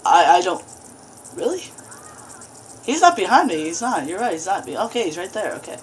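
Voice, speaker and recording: A woman's voice: on the low side, big pitch swings, normal speed, slight background noise. A woman doing horror game commentary, jumpy, breaking into screams and laughs at the scares. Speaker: gaming video host.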